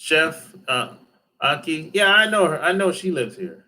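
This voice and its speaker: A man's voice: fairly high pitch, sing-song, measured pace, pushed and bright. A man, chatting loosely with livestream viewers, rambling, repeating himself and swearing. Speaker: dating advice YouTuber. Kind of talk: casual livestream chat answering viewers. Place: home in Atlanta.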